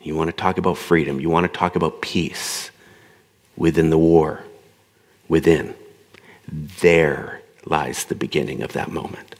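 A man giving a calm, coaching spiritual talk to a gathering, acting out little inner dialogues as he goes. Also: rumbling low, measured pace. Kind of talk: spoken talk to a gathered audience. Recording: long reverb of a hall.

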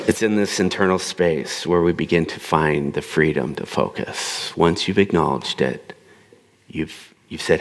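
A man giving a calm, coaching spiritual talk to a gathering, acting out little inner dialogues as he goes. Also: rumbling low, unhurried. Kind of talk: spoken talk to a gathered audience. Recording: long reverb of a hall.

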